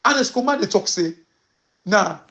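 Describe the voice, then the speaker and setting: A woman's voice: medium pitch, animated, unhurried, a bit bright. A woman from Sierra Leone with a Krio accent, giving emphatic political commentary full of rhetorical questions and switching between Krio and English.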